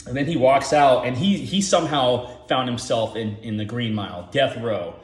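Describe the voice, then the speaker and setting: A man's voice: mid-range voice, measured pace, roomy sound. A man giving rambling, profane casual commentary, full of filler words, as the host.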